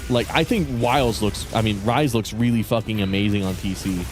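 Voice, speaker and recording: A man's voice: fairly low pitch, normal speed, soft background music. Laid-back, cursing young man streaming. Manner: rambling, profane, laid-back. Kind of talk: casual gaming commentary.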